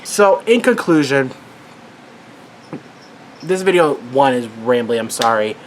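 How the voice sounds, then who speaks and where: A man's voice: medium pitch, lively intonation, slow, long pauses, a little hiss or hum. Heated, swearing man mid-rant. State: worked up. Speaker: vlogger. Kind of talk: angry commentary rant.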